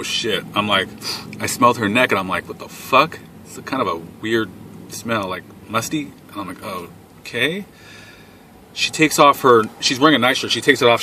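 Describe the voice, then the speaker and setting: A man's voice: lowish voice, pushed and bright, slight background noise. A young man telling a crude personal story straight to camera, blunt and full of swearing. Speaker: vlogger. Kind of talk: casual storytime.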